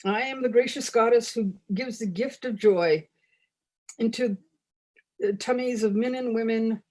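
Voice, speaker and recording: A woman's voice: fairly high pitch, a little slow, dark tone, voice pushed up. A woman reading aloud as a grandiose chocolate goddess, in a mock-solemn, scripture-like cadence. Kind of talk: reading a humorous parody text aloud.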